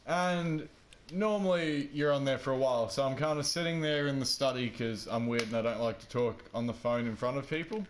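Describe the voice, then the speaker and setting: A man's voice: medium pitch, a little fast, slight background noise. A man telling a rambling, self-deprecating story in casual chat while he plays a game. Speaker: gaming vlogger.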